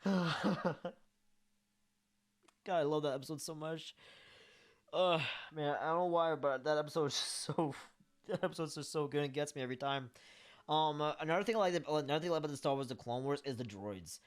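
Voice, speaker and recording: A man's voice: on the high side, fast, clear, resonant tone. Rambling, emotional male fan. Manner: rambling and emotional, lots of fillers and swearing. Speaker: fan sharing memories. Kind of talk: casual monologue vlog.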